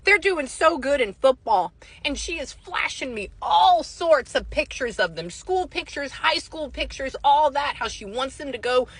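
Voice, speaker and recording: A woman's voice: high voice, normal speed, hardly any pauses, no echo, poor audio. A woman working as a psychic medium, telling a casual story and acting out the voices of the people in it. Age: adult with a young son. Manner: animated, acts out quoted voices.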